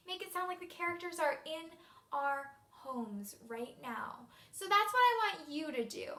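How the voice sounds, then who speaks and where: A woman teacher talks encouragingly to young students in a remote reading lesson. Her voice is high and bright and moves around a lot. The room gives it an echo.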